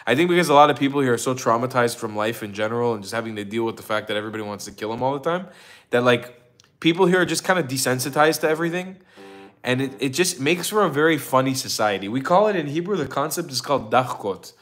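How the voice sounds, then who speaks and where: A man hosting a casual livestream, telling stories in an excitable, profane way and laughing often. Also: mid-range voice, fast talker. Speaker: livestream host.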